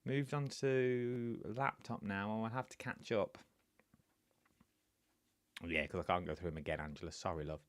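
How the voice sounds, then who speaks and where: A man's voice: on the low side, moderate pace, pauses often, no echo. A man hosting a live-streamed quiz, talking to viewers in a chatty, rambling way with lots of asides. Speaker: quiz host.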